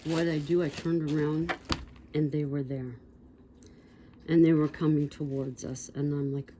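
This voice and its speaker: Woman in her 60s, vlogger, mellow low voice, rambling storyteller, faint noise behind. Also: fairly even intonation, a little slow, pauses often. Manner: rambling, digressive, with asides to viewers. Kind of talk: casual storytelling.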